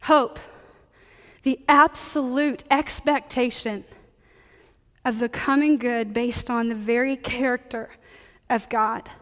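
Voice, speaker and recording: High-voiced woman preaching in a reverberant hall. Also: takes it slowly, long pauses. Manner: lively, conversational, joking asides. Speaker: teaching pastor. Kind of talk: sermon. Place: church sanctuary. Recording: long reverb of a church hall.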